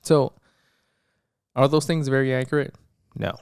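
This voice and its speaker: A man's voice: mid-range voice, level tone, measured pace, gravelly, darkish tone, clear, resonant tone, no echo, studio quality. A man co-hosting a casual podcast, laid-back and teasing, with frequent swearing. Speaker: podcast co-host. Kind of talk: casual chat.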